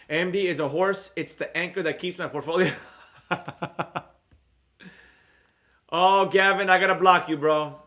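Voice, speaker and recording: A man hosting his own live stream on trading, chatting loosely and answering viewer comments in a rambling, energetic way. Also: on the high side. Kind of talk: casual live-stream chat reading comments.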